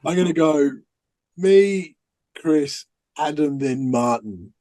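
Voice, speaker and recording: A man's voice: on the high side, lively intonation, slow, mellow. A man co-hosting a podcast, answering in a dry, matter-of-fact way in casual chat. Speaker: podcast co-host.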